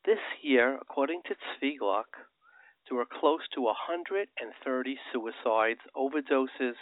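A man's voice: medium pitch, no echo. A man hosting a radio show, speaking in an impassioned, preacherly monologue that swells into emphatic outbursts. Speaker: radio host. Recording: narrow phone-like radio sound.

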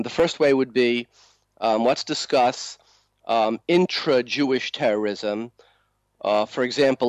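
A man hosting a talk program who introduces his guest and poses questions in an earnest, measured way. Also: mid-range voice, dry recording. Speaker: talk show host.

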